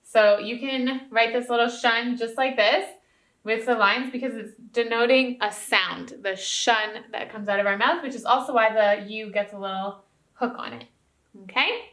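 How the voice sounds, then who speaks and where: Her voice is fairly high and fairly bright, moving at normal speed through a recorded spelling lesson for young students. The teacher stays patient and encouraging, checking in with "okay?", and the room echoes noticeably.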